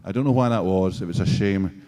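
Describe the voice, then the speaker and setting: Mellow low-voiced man, reverberant hall. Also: fairly quick. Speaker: actor on a convention panel. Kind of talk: casual chat. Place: large convention hall. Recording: echoey convention hall.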